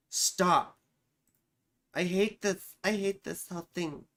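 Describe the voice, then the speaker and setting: A woman's voice: lowish voice, slow, pauses often, fairly bright tone. A woman astrologer giving a casual live-stream reading, chatty and profane, who keeps answering her chat.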